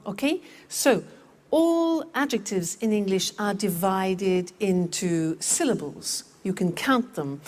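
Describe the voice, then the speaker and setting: A woman teaching English vocabulary, repeating words slowly and clearly for learners. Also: medium pitch, darkish tone. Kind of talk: slow, clear language lesson.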